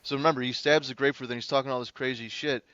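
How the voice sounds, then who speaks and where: A man, a public defender, telling a courtroom story on a podcast in an animated, profane, casual way. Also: mid-range voice, no room sound. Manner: animated, profane, fast-moving anecdote. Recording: slightly dull lo-fi sound.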